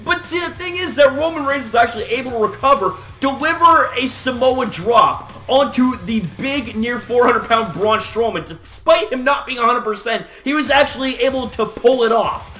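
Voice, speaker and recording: A man giving a casual wrestling recap as a vlogger, excitable and full of fillers and swearing. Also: very high voice, moderate pace, few pauses.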